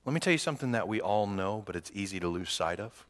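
Joking pastor preaching in a reverberant hall. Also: male voice, fairly low pitch, fast talker, hardly any pauses. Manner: lively, joking asides to the congregation. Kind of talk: sermon. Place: church sanctuary.

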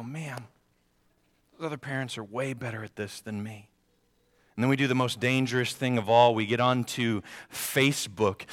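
A middle-aged man preaching a sermon as a pastor, telling a story and swinging between loud emphasis and quiet asides. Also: medium pitch. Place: church sanctuary. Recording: long reverb of a large hall.

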